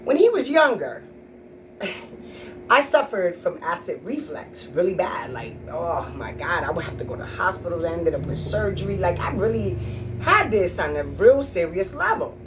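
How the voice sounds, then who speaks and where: A woman's voice: lowish voice, big pitch swings, moderate pace, distant mic, background noise. A middle-aged woman comedian telling stories about her kids in a sassy, blunt, profane way. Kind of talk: stand-up storytelling.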